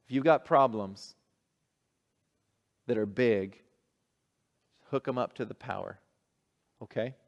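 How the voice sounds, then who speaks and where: A man's voice: medium pitch, slow, gravelly, long pauses, dull audio. Folksy male pastor in reverberant hall. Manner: conversational, folksy preaching. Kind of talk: sermon with read-aloud story and prayer. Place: church hall.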